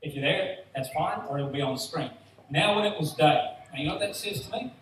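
A pastor delivers a lively sermon in a church hall, telling stories and acting out the people in them at a fairly quick pace. His voice is a little high for a man, picked up by a distant mic in a very echoey space with faint noise beneath.

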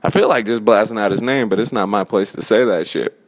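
Man, 20s, slightly low voice, profane rambling stand-up comic venting. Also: fairly quick. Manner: profane, rambling, restarts mid-sentence. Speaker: open-mic comedian. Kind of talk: casual rant.

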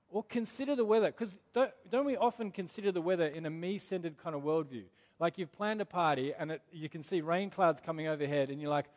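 A man preaching a sermon as pastor, earnest and emphatic, slowing down on key words. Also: fairly high pitch, darkish tone. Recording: long hall reverb.

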